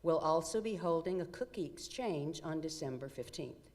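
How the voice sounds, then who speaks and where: Woman, church announcements, low-pitched, dark mellow tone, steady delivery. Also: normal speed.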